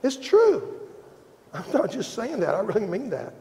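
A man's voice: sits high, very animated, fairly quick, vocal fry, warm tone, a little hiss or hum. A man with a Midwestern American accent preaching a sermon as pastor, earnest and self-deprecating, rising in emphasis as he presses a point. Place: church sanctuary. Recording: long hall reverb.

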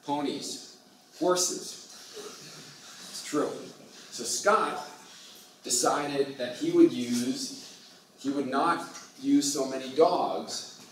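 A man giving a university lecture, speaking slowly and often mixing in halting Russian with many fillers. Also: mid-range voice, a little hiss or hum. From United States. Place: lecture hall. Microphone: far from the mic. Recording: distant echoey lecture hall.

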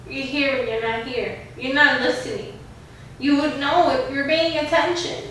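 A woman's voice: sits high, steady tone, moderate pace, a bit bright. A woman hosting a home prank channel, talking casually and leaning on fillers like "like" and "guys", recorded at home. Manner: chatty, fills with "like" and "guys". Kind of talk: casual vlog talk and staged argument. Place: at home indoors. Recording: echoey room, mic at a distance, faint noise.

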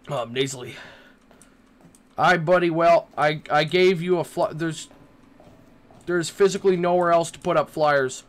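A man's voice: fairly high pitch, normal speed, long pauses. A young man playing a horror game and commenting, nervous and rambling, swearing and talking back to the characters. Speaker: gaming YouTuber.

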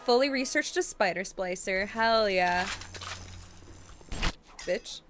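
A woman streaming a video game, reacting excitably and yelling and swearing when frustrated. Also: a little high, normal speed. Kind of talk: live gameplay commentary. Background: game music.

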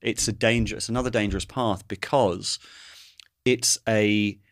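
A male host in a casual interview, speaking thoughtfully and often pausing to search for words. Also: fairly low pitch, fairly even intonation, no echo, clean studio sound.

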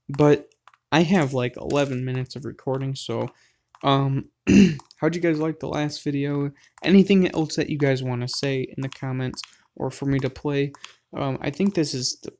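A gaming channel host doing let's play commentary, talking straight to viewers with excitable, loud outbursts and frequent swearing. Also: medium pitch.

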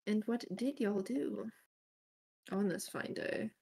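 A woman's voice: mid-range voice, slow, vocal fry, warm tone. A woman streaming live in a casual chat, thinking aloud while she sets up and greets viewers by name, recorded at her home setup.

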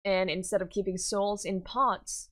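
A young woman gaming streamer reading a story game aloud, breaking into excitable, squealing reactions. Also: mid-range voice, a little slow, a little hiss or hum.

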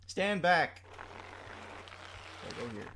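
A young man comments on a game he is playing, his voice pitched high and bouncing all over the place. He takes his time, bursts into laughter and curses often. A steady hiss of noise sits under the recording. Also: very slow. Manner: excitable, swearing, laughing often. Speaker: gameplay commentator. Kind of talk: let's play commentary. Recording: noisy home recording.

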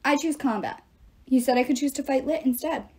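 A woman's voice: high voice, brisk, mellow, breathy edge. Woman playing a defiant teenage hero. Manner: urgent, defiant.

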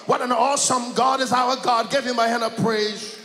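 A man preaching a sermon to a church congregation, calling for responses and often breaking into shouted, chanted lines. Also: very high voice, fairly even intonation, moderate pace, faint music behind. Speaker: pastor. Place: large church sanctuary. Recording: echoey church hall.

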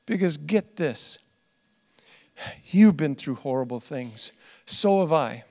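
A male pastor gives a conversational sermon in a high, lively voice, laughing and repeating himself for emphasis. He drops to quiet asides between loud, emphatic lines. A long reverb from the church hall trails every phrase. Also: slow, vocal fry.

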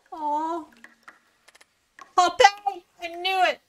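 A woman commentating her playthrough of a horror game, excitable and sarcastic, often laughing. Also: medium pitch, measured pace, pauses often, a little hiss or hum. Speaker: let's play gamer.

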